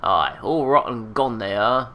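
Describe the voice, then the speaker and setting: A man's voice: mid-range voice, lively intonation, measured pace, pushed and bright. A man voicing a sour old female corpse-robbing seamstress who mumbles to herself in a sing-song voice. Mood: muttering. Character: shrieking old female ghoulish seamstress, muttering.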